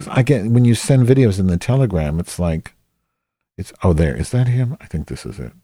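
A man's voice: low-pitched, animated, normal speed, mellow, no echo, clean studio sound. A man hosting a podcast, rambling casually with lots of swearing and self-deprecating asides. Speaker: podcast host.

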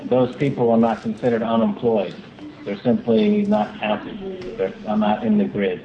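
A man's voice: medium pitch, a little slow, vocal fry, a crowd in the background. Man explaining over a dull call. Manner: explanatory, steady. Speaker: guest commentator.

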